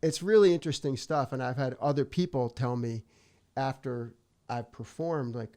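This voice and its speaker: Middle-aged guy chatting loose and rambly, middle pitch, kinda thinking out loud. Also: moderate pace. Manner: reflective, rambling, acts out his own past thoughts. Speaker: guest, singer-songwriter. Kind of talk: casual interview chat.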